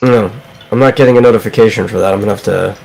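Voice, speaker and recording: Fast-talking gravelly man co-hosting. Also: on the low side, a little mellow. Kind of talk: casual livestream chat.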